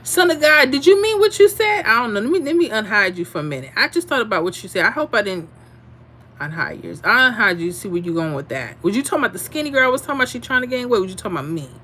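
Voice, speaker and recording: Sassy, animated woman livestream host. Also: mid-range voice, racing, a little hiss or hum. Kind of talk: casual livestream chat reading comments.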